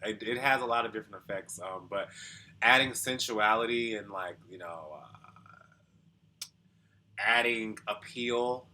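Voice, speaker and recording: A man's voice: fairly low pitch, a little slow, long pauses, sharp tone, a little hiss or hum. A man talking as a vocal coach in casual reaction commentary, explaining thoughtfully with lots of hedging and sometimes singing short demos.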